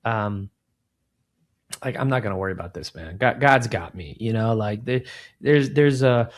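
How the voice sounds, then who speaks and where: A man's voice: fairly low pitch, normal speed. A middle-aged man, a business founder in an interview, chatting casually and acting out quoted dialogue with lots of "man" and "like". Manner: animated storyteller, acts out quoted dialogue, frequent "man" and "like". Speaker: recruiting firm founder, guest.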